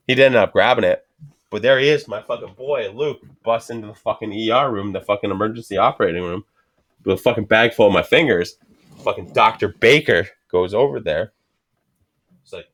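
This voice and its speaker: A man's voice: fairly low pitch, fast talker. A man in his thirties casually telling a story as a podcast guest, swearing constantly and acting out the other people's voices. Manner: profane, animated storyteller.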